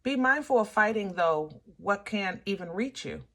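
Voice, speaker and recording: Bright-voiced woman giving a preachy tarot reading. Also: medium pitch, animated, normal speed. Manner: preachy and testifying, checks in with "okay?" and "you understand?"; playful asides and laughter between serious points. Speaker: tarot reader. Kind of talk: casual spoken tarot reading.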